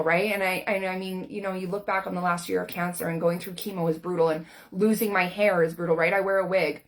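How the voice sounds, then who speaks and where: Earnest woman coach, slightly low voice. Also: flat delivery, a little fast, hardly any pauses. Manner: earnest and candid, with casual fillers. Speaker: life coach. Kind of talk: personal talk to camera.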